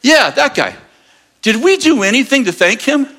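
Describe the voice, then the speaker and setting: A man's voice: very high voice, sing-song, moderate pace, a bit bright, voice pushed up, full character voice. A man voicing a restless, casual king in a retold story, asking questions in a breezy way. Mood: breezy curious.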